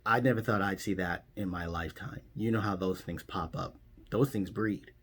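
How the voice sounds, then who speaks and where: A man delivering a mock-serious comedy monologue as a rambling, deadpan story. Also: deep voice, normal speed, slightly rough. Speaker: comedian doing a parody monologue.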